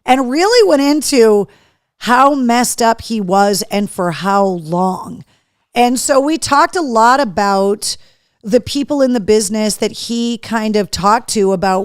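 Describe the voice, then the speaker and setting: A woman's voice: medium pitch, dry recording, clean studio sound. A middle-aged woman from Massachusetts hosting a live show in casual chat, reading viewer comments aloud and talking freely. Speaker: host.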